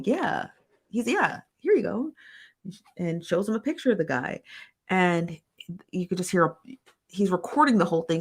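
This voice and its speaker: A woman's voice: lowish voice, a bit bright. Chatty woman rambling on a livestream. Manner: rambling, self-correcting, chatty. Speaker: livestream host. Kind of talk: casual live-stream gossip chat.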